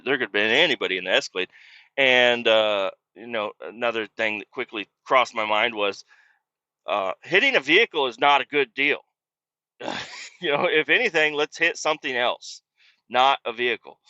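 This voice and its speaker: Bright-voiced man telling a crash story. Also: medium pitch, dry recording, dull audio. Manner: profane, rambling, self-mocking. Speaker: podcast host. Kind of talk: casual storytelling.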